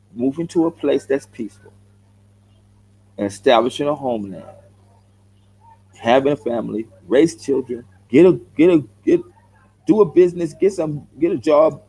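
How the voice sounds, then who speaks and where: A man's voice: mid-range voice, darkish tone, breathy edge, low-quality recording. A middle-aged man with a Los Angeles accent, a vlogger giving a heated, blunt answer to viewer comments straight into the camera. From South Central Los Angeles, United States. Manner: blunt, confrontational, repeats himself, calls viewers bro. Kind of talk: heated direct-to-camera rant.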